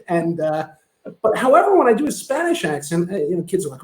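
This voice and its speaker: A man chatting casually as a guest, halting, with restarts and laughs at his own stories. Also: high-pitched, sing-song, darkish tone, roomy sound. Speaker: guest, brother of the host. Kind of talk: casual chat.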